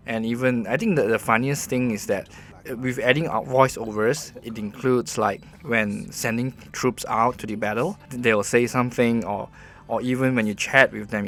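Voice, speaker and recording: A man's voice: fairly low pitch, a bit bright. A man voicing a game review as host, earnest and conversational, often restarting his sentences.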